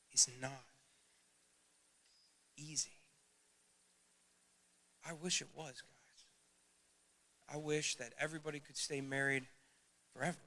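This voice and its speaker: A man's voice: medium pitch, sharp tone. A middle-aged man preaching a sermon as youth pastor, earnest and emphatic, speaking straight to his listeners.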